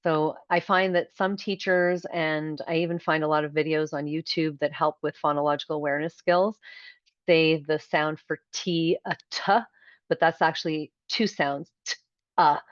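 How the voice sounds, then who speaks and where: Low-pitched female kindergarten teacher giving a parent workshop over a call, demonstrative, dry and slightly muffled. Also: flat delivery, normal speed, no room sound. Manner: clear, demonstrative, models speech sounds. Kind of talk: online workshop presentation. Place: video call.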